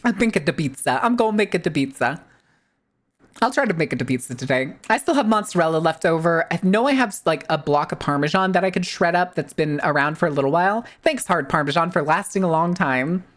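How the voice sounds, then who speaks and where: A woman's voice: on the low side, animated, quick pace, hardly any pauses. A woman VTuber streamer in casual, rambling live-stream chat, swearing freely and using plenty of filler words.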